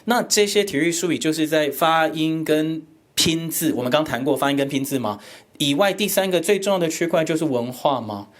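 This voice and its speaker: Animated male workshop lecturer. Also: on the high side. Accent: Taiwanese. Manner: switches between Mandarin and English, animated and joking. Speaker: English teacher trainer.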